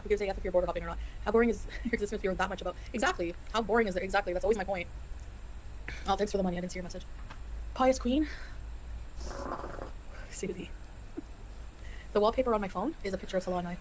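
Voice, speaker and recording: A woman in her forties chats quickly on a livestream, running through viewer comments and venting about her critics. She talks fast with a chatty, exasperated edge. Faint noise sits behind her voice. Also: mid-range voice. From Canada. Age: 40s. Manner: rapid, chatty, laughing, exasperated rants. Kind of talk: casual livestream chat reading comments.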